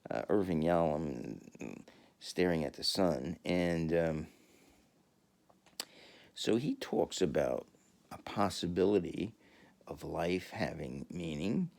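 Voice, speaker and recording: A man in a rambling, profane monologue who laughs often and swings from mumbling to shouting. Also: sits low, animated, slow, gravelly, long pauses. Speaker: video host.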